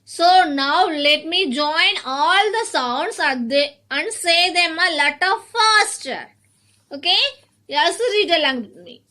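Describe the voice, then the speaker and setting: Slow, bright-voiced woman teaching phonics. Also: sits high. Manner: slow, sounds words out and repeats them; addresses children warmly as "my dear children". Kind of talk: online phonics lesson for young children.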